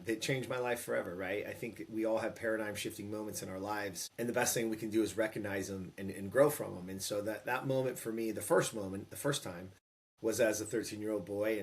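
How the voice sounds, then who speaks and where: Emphatic man in his fifties telling a story. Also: lowish voice. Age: 50s. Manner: animated storyteller, emphatic, acts out quotes. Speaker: podcast guest. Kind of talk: storytelling in an interview.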